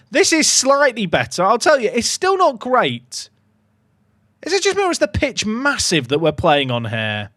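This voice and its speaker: A young man streaming a football management game, commentating casually with sarcastic, excitable swings. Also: high voice, no room sound, clean studio sound. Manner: animated, sarcastic, swings between excitement and mock despair. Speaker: gaming streamer.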